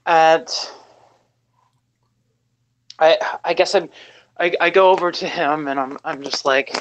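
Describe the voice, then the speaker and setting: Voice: mid-range voice, steady tone, moderate pace, muffled recording. A tabletop game player describing their moves hesitantly, stammering into restarts.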